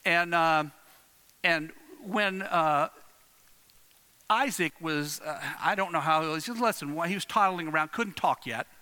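A middle-aged male pastor with a high, very bright voice delivers a sermon. He tells stories in repeated phrases, drops to a hush and then rises loud. The sound rings with the long reverb of a large hall. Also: a little slow, clear, resonant tone. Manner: dramatic swings from hushed to loud.

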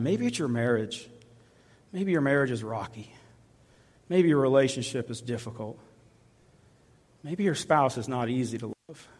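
A male pastor preaching a sermon, sinking to soft intimate tones at times. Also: mid-range voice, normal speed, long pauses. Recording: long reverb of a large hall.

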